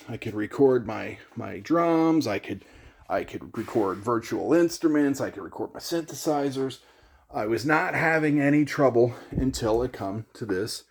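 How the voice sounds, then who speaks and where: Man, casual vlog rant, sarcastic, rambling, restarts sentences, average pitch. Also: a little mellow. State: one-handed while handling gear. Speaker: gear vlogger.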